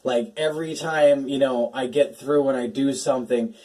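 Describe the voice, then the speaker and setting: A man's voice: medium pitch, normal speed, darkish tone, distant mic, rough recording. A young man hosting a casual gaming talk, emotional and swearing, laughing between his words. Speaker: gaming channel host.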